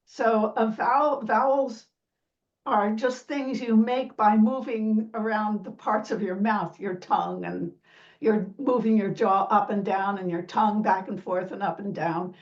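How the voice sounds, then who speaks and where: A woman's voice: mid-range voice, steady tone, a little slow, recorded from a distance, highs cut off. A woman sociolinguist explaining speech sounds in an interview, imitating vowels and laughing lightly as she talks. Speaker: sociolinguist guest.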